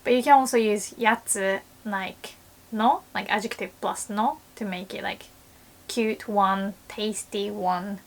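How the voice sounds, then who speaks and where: Slow, playful Japanese-accented woman teacher. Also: steady tone. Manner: playful, acts out example phrases with big pitch jumps. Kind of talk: casual language lesson.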